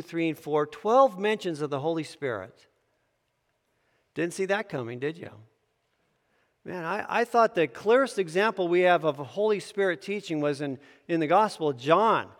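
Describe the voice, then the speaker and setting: A man's voice: on the high side, in a large hall. A man teaching a Bible study in a conversational way, with asides and self-corrections.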